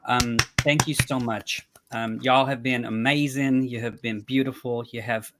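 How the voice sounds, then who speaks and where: A man's voice: mid-range voice, fairly even intonation, a little slow, heavy background noise. A man co-hosting a horror podcast in a casual, playful, chatty way, with many fillers. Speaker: podcast co-host.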